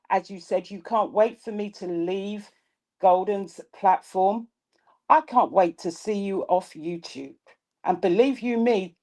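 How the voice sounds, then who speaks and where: Slow, measured woman co-host. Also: mid-range voice, darkish tone. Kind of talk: live-stream political commentary.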